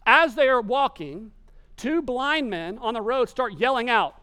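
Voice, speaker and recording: A man preaching a sermon, telling the story with animated delivery and acted-out quotes. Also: very high voice, measured pace, smooth. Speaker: pastor.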